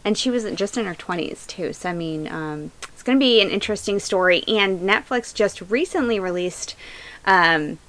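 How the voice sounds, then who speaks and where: A woman's voice: mid-range voice, expressive, moderate pace, a bit bright, poor audio. A woman hosting a true-crime podcast, telling the story in a casual, chatty way with lots of fillers. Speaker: podcast host.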